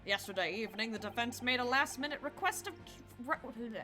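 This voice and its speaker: A woman voicing an old male courtroom judge in a game, speaking slowly and formally in a lowered voice. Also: lively intonation, sharp tone, faint music behind.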